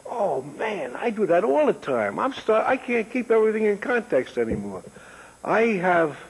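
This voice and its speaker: A man's voice: sits high, very animated, normal speed, slightly rough. A man in his eighties, a guest in a casual interview, telling rambling stories and joking and laughing often. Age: 80s. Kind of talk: casual chat. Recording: long echoing reverb.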